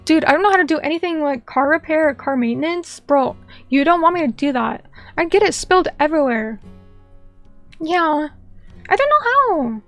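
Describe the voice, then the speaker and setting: A young woman streamer chatting casually with viewers, rambling with many fillers and quick apologies. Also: high-pitched. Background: faint background music.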